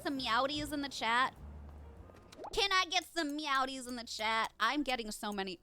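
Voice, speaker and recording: A woman's voice: high-pitched, normal speed, music in the background. A woman streaming a game live, chatting with her viewers and reacting as she plays. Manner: bubbly, chatty, reads chat aloud. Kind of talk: live gameplay commentary.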